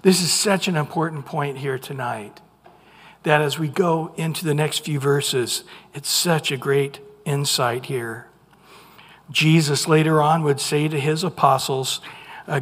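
Husky pastor preaching in a reverberant church. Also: male voice, fairly high pitch, a little slow, fairly bright tone. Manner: conversational, acts out inner voices. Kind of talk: sermon. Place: church sanctuary.

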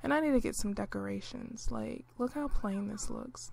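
A woman narrating her life-simulation gameplay in a relaxed, chatty way, with lots of fillers, clearing her throat now and then. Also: medium pitch, a little slow, a little hiss or hum. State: clearing throat, hiccuping and coughing. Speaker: gameplay commentator.

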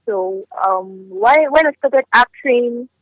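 A woman's voice: a little high, animated, slow, no room sound, rough recording. A woman comedian and actress, answering interview questions in a chatty way and often saying "you know".

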